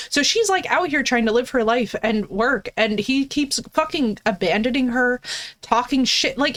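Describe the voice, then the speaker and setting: A woman's voice: fairly high pitch, a bit bright. A woman streaming a game, ranting casually and profanely while answering her chat. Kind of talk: casual live-stream commentary.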